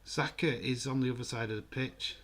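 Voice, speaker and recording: A man giving casual, excitable live football commentary and reading out viewer comments. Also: medium pitch, a little fast. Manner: chatty, excitable, reads viewer comments aloud. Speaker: host of a live football watch-along.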